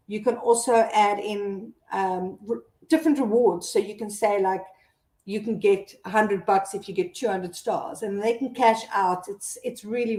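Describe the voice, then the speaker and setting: A woman's voice: mid-range voice, a little mellow, reverberant. A South African woman hosting a casual live stream, chatting and laughing as she reads out viewer comments.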